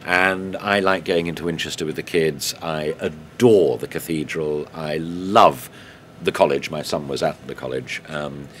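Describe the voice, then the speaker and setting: A man's voice: extremely low pitch, a bit bright, a little hiss or hum. An older English man, a TV news presenter, answering interview questions in a chatty, anecdotal way with fillers and self-corrections.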